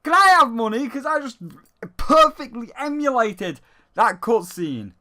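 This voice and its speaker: Man, game reviewer, sarcastic and swearing, bright lively voice. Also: very high voice, unhurried. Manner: sarcastic, profane, mocking.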